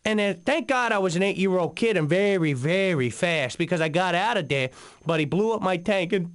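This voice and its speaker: A rambling boozy radio co-host. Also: male voice, high-pitched, expressive, brisk. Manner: rambling storyteller, lots of fillers. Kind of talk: comedic in-game radio talk.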